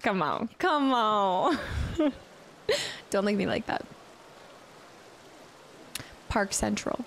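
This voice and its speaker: A young woman streaming a video game, chatty and excitable, thinking aloud as she plays. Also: medium pitch, takes it slowly, creaky, soft background music. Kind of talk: casual let's-play commentary.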